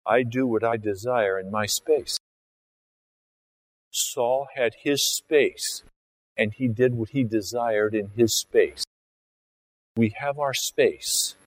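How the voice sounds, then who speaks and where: Slow-speaking male pastor preaching. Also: medium pitch, rough recording. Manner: conversational, acts out scenes with his body and voice. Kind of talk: sermon.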